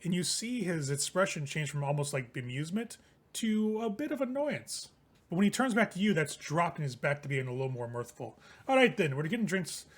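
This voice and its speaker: A man's voice: fairly high pitch, sing-song, brisk. Man narrating as game master.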